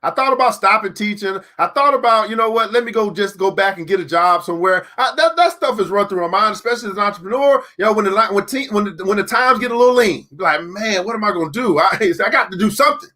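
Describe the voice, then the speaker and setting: Motivational teacher, male; high, bright voice; emphatic preacher-style delivery with slow repeated lines. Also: expressive. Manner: addresses listeners directly as beautiful people. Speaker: teacher and book club host.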